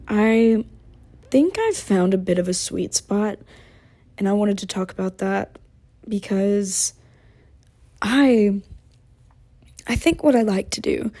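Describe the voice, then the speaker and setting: A woman's voice: mid-range voice, gravelly, dark tone. A woman hosting her own podcast, chatting casually and candidly, venting with swearing and laughter. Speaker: podcast host. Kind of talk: casual solo podcast chat.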